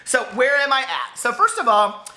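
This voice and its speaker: Animated, bright-voiced chatty book vlogger man. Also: extremely high pitch, normal speed. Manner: animated storyteller, talks straight to viewers. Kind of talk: casual chatty vlog. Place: home.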